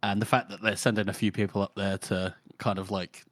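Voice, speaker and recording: A man's voice: on the low side, flat delivery, brisk, a bit bright, no room sound. A man co-hosting a book podcast, casually and a bit hesitantly explaining his rating. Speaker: podcast co-host. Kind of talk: casual chat.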